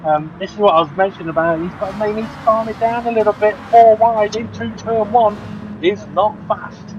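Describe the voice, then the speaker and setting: A man commentating a sim race, excitable, laughing often and jumping up at crashes. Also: high-pitched, moderate pace. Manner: excitable, laughs often, rises sharply at incidents. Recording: dull lo-fi audio with clear background noise.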